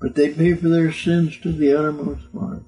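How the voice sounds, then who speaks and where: An older man giving an earnest doctrinal sermon, halting and repeating words as he goes. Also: a little high, level tone, warm tone, low-quality recording. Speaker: religious teacher.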